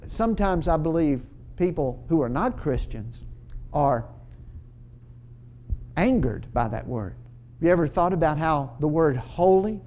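A man's voice: fairly high pitch, dark tone. A man preaching a sermon, explaining scripture earnestly with emphatic repeated phrases and occasional stumbles and restarts.

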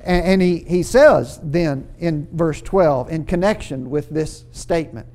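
A man with a high voice delivers a sermon, walking his listeners through scripture in an earnest, explanatory way. He drives points home by repeating phrases, and his delivery has small stumbles and restarts. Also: measured pace, darkish tone. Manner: earnest expository preaching with emphatic repeated phrases. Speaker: preacher.

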